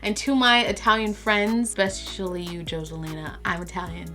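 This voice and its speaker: A woman from Brazil chatting excitedly to camera as a vlogger and stumbling over words. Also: mid-range voice, moderate pace, faint music behind. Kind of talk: casual chat to camera.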